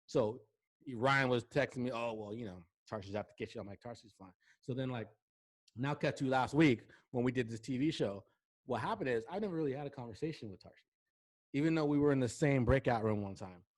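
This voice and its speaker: A male talk show host telling lively anecdotes in casual interview chat, often checking in with "right?". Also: mid-range voice, a little fast.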